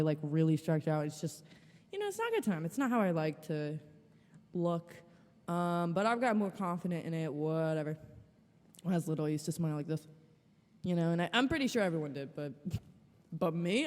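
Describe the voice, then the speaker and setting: A woman's voice: on the low side, animated, brisk, darkish tone. Woman ranting frankly in a reverberant room. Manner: profane, rambling and frank. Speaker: podcast host. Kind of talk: casual solo storytelling.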